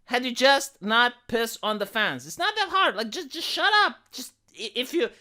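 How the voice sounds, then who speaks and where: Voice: medium pitch, sing-song, normal speed, bright, forceful tone. A YouTuber giving an emphatic, profane and sarcastic rant in a video commentary.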